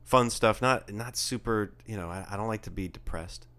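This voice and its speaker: A man co-hosting a podcast from his beachside apartment, chatting casually in a rambling, deadpan way. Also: on the low side, moderate pace, clean tone. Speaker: podcast co-host. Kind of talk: casual chat.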